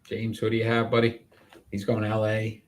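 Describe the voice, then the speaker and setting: A man's voice: on the low side, monotone, moderate pace, noisy background. Upbeat man announcing sports picks. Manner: upbeat, announces matchups then banters. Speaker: sports show co-host. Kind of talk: casual sports picks chat.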